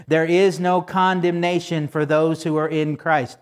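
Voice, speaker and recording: A man preaching a sermon in a conversational way, turning to the congregation with asides and slowing down to stress the scripture he quotes. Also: on the high side, little pitch movement. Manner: slows down for emphasis when quoting scripture. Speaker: pastor.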